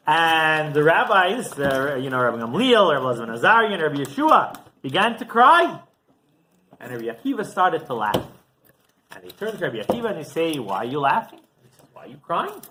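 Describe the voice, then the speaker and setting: Animated man telling a sermon story. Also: a little high, moderate pace, noisy background. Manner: animated storyteller, asks rhetorical questions. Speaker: rabbi.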